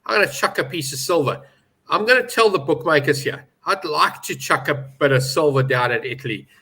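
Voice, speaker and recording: A man's voice: fairly high pitch, lively intonation, a little fast, bright, forceful tone, husky, rough recording. A man giving opinionated betting views in a casual panel chat, stressing his points hard. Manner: opinionated, emphatic about prices. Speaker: betting pundit.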